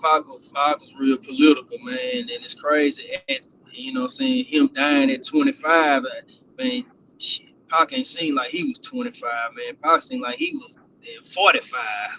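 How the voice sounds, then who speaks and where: A man in his forties calling in, talking in an animated, emphatic way with many restarts. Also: extremely high pitch, normal speed, gravelly, distant mic, lo-fi sound, slight background noise. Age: 40s. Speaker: guest caller. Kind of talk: casual chat.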